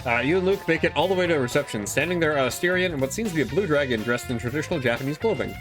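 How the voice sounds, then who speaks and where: Lively chatty male streamer. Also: a little high, racing, music in the background. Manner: chatty, swears casually, laughs at the story. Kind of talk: reading a visual novel aloud on stream.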